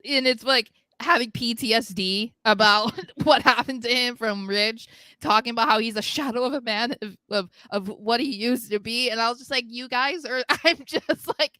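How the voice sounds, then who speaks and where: A young woman chats excitedly on a podcast, often giggling and rambling as she gets carried away. Her voice is bright and forward. The sound is dry and close. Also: a little high, moderate pace, few pauses, no room sound. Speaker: podcast co-host. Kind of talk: casual chat.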